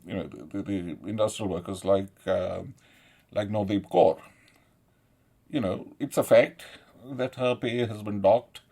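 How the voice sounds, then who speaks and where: A middle-aged commentator from South India delivers a rambling, profane political monologue and laughs often between points. His voice sits on the low side, gravelly, dark, and husky.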